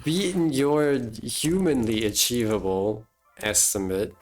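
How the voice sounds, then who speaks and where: Game streamer, casual live commentary, slow unhurried delivery, rambling self-amused musing, faint music underneath. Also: medium pitch, sing-song.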